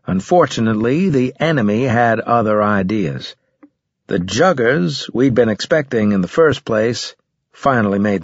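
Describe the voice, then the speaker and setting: A man's voice: medium pitch, dry recording, highs cut off. Man narrating a war audiobook, dry. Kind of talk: first-person scripted narration.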